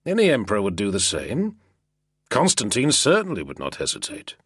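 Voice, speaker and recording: A sly, sardonic male schemer, read by a man in an audiobook, speaking in an artful, purring drawl. His pitch swoops lively and the tone is slightly husky. The recording is dry and close. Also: moderate pace, dry recording, heavily acted. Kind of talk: audiobook character reading.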